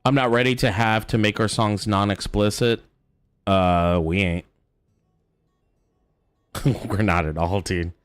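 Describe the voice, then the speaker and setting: Laid-back, low-voiced man streamer. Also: fairly even intonation, takes it slowly, pauses often, clean tone, no echo, soft background music. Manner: laid-back, casually profane, reacts aloud to the game. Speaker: streamer host. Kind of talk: casual chat while gaming.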